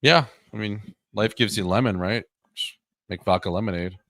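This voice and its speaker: A man's voice: fairly low pitch, moderate pace, fairly bright tone, dry recording. A young man co-hosting a podcast, chatting casually and rambling with lots of fillers. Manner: rambling, profane, joking. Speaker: podcast co-host. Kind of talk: casual chat.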